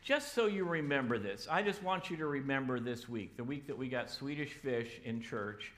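A man's voice: mid-range voice, animated, normal speed, fairly bright tone. A man preaching a sermon as a pastor in a church, telling the story casually and acting out the voices of the people in it. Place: church sanctuary.

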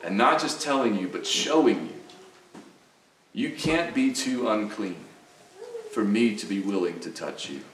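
A man's voice: on the low side, expressive, measured pace, pauses often, a bit bright, a little hiss or hum. A man with a Southern US accent preaching an earnest, emphatic sermon as pastor, often repeating phrases for weight. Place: church sanctuary. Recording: echoey church sanctuary, voice from a distance.

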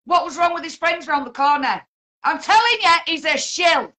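A woman's voice: very high voice, expressive, normal speed. A woman hosting a live stream, arguing with a guest in a confrontational, sweary way. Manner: confrontational, swearing, shouting insults. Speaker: livestream host. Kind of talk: heated live-stream argument.

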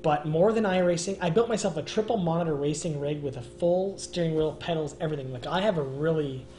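A man's voice: a little high, brisk, a little mellow, echoey room, slight background noise. A man hosting a casual gaming chat stream, talking emphatically and peppering his speech with "man" and "dude". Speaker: show host.

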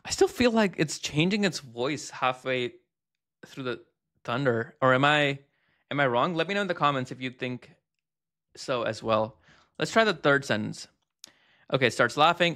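A man in a relaxed review video, his voice bright and ringing. He chats at an easy everyday pitch, trails off into fillers and throws in quick asides. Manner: chatty, thinking aloud with fillers and quick asides. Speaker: host reviewing text-to-speech tools. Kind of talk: casual hands-on review.

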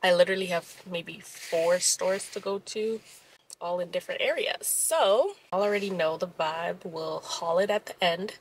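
A young woman vlogging casually, chatty and expressive with lots of slang. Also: medium pitch, a little hiss or hum, low-quality recording. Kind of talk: casual vlog chat.

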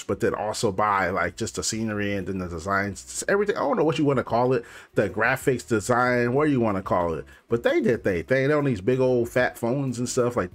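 A young man hosting a music video reaction, talking loosely and rambling with lots of filler words. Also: fairly low pitch. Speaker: reaction channel host.

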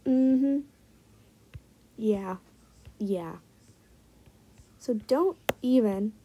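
A young woman giving casual, excitable commentary while trading in a game, often dropping into muttered asides. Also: on the high side, extremely slow, a little hiss or hum, poor audio. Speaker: gaming vlogger.

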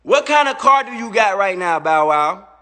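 High, bright-voiced man ranting. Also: sing-song, moderate pace. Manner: boastful, mocking, repetitive jabs. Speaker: livestreamer. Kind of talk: taunting livestream rant. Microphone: phone mic. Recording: long echoey reverb.

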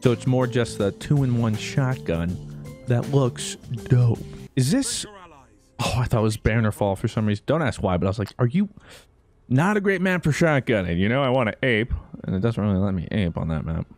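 Excitable young man with a lively voice. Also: mid-range voice, normal speed, no room sound, faint music behind. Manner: excitable, jokey, with sudden loud outbursts. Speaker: gaming YouTuber. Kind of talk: gameplay commentary.

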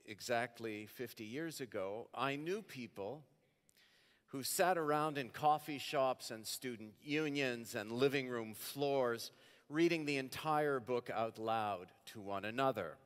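A man's voice: mid-range voice, a little slow, big-room sound. A man giving a public lecture, reminiscing unhurriedly before reading passages aloud. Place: large hall, celebration event.

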